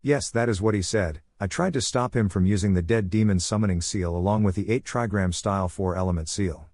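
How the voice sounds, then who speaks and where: A man's voice: on the low side, a little fast, dry recording. Kushina, a man reading as a kind mother. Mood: gentle. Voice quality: soft-spoken, kind. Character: hot-tempered, loving young mother spirit.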